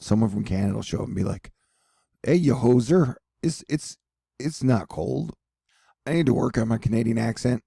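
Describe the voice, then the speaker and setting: Gravelly, husky man joking through weather news. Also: fairly low pitch, mellow, no echo, clean studio sound. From United States. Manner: joking, rambling, affectionate toward viewers. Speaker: weather vlogger. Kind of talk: casual weather update monologue.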